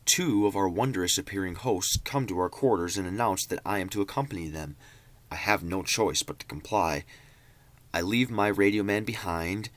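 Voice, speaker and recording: A man reading a diary aloud in a theatrical way, even speaking the punctuation marks. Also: sits low. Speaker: reader.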